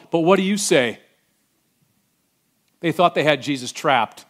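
A middle-aged man preaching a sermon, acting out voices and swinging from loud declarations to hushed, tender lines. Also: a little high, measured pace, pauses often. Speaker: pastor.

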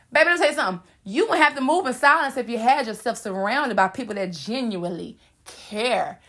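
Sassy high-voiced woman giving advice. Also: fast, few pauses, bright, forceful tone. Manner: sassy, playful, preachy, slangy. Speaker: host giving life advice. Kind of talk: casual advice monologue.

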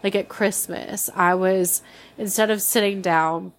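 A young woman hosting a personal podcast, talking candidly and emotionally, often pausing and restarting her sentences. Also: mid-range voice, steady tone. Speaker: podcast host.

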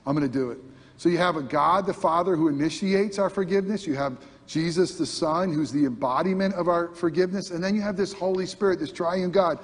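A man preaching a sermon to his congregation, asking rhetorical questions and swinging between loud emphasis and quiet intensity. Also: high voice, fairly quick, few pauses, slightly rough. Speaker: pastor. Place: church sanctuary. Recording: long hall reverb.

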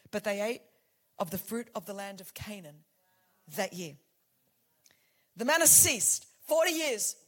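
High-voiced woman preaching with passion. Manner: passionate, swings from hushed to shouting. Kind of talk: sermon.

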